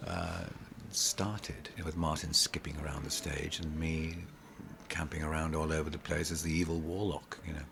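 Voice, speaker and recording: A middle-aged man, a pantomime actor, telling animated, rambling stories in an interview, full of restarts. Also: extremely low pitch, moderate pace, gravelly, noisy background. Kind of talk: casual interview storytelling.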